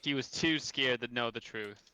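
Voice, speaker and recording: A man playing in a tabletop game who teases his friends in a relaxed way. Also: medium pitch, moderate pace, rough recording. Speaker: player. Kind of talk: casual chat.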